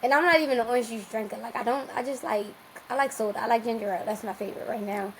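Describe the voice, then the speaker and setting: Animated woman telling a story, slightly high. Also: slight background noise, poor audio. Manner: animated, laughs often, quick restarts. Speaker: podcast guest. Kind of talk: casual storytelling.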